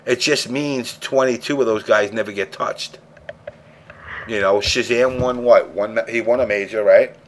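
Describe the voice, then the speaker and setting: A man's voice: lowish voice, normal speed, a little hiss or hum. A man hosting a casual gaming podcast, ranting emphatically and swearing freely. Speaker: show host.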